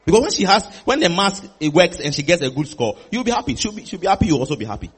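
Husky high-voiced male preacher. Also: fast. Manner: animated, repeats phrases, playful mimicry. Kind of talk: lively sermon with acted dialogue.

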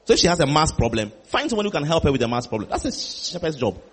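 A man preaching a lively sermon, animated and playful, repeating his phrases and acting out little conversations. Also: a little high, fast talker. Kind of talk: lively sermon with acted dialogue.

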